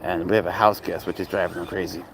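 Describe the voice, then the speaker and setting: Easygoing man with a gravelly voice. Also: sits low, fairly even intonation, quick pace, background noise. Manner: easygoing, rambling, soft baby talk to his cat. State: tired from little sleep. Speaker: cat owner vlogger. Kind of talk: casual chat outdoors. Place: outdoor park with traffic nearby.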